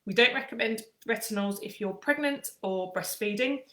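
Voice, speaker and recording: A woman's voice: medium pitch, normal speed, sharp tone, echoey room. Chatty woman explaining skincare. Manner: chatty, with frequent ums and restarts. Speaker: skincare aesthetician.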